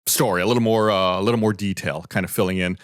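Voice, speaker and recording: A low, steady-toned male voice delivers a fast, casual podcast discussion, with the host explaining what happened and reading findings conversationally. The studio sound is clean and echo-free.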